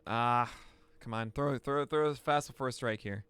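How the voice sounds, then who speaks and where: A man hosting a pitching analysis, talking through each pitch with excitable outbursts. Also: moderate pace, clear, resonant tone, no echo. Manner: excitable, bursts into shouts and laughs. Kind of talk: excited play-by-play pitch breakdown.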